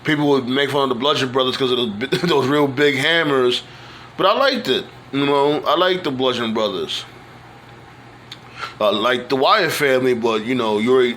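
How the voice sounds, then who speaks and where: A man's voice: medium pitch, moderate pace, fairly bright tone, slight background noise. A man talking casually in a loose, rambling monologue, full of fillers and restarts. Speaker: wrestling fan vlogger.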